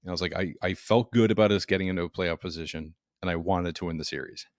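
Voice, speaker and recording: A man co-hosting a sports podcast, talking in a rambling, animated way and laughing often. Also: low-pitched, quick pace, no echo, clean studio sound. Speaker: podcast co-host. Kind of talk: casual sports chat.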